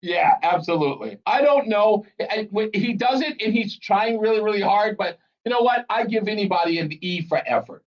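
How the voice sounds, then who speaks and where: A middle-aged male talk radio host with a high voice, bantering with callers and laughing often. The broadcast sound is dull and muffled. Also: lively intonation, normal speed, hardly any pauses. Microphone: studio broadcast mic.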